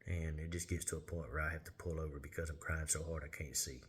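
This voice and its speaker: Man, very deep voice, flat delivery, earnest testimony, faint ambience behind. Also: slight background noise. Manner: earnest, plain-spoken, halting pauses. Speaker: lay minister sharing testimony. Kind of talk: personal testimony storytelling.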